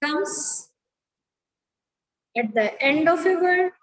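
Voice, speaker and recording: A woman's voice: very high-pitched, expressive, drawn-out words, poor audio. A woman teacher giving a phonetics lecture, explaining rules step by step and checking that students follow.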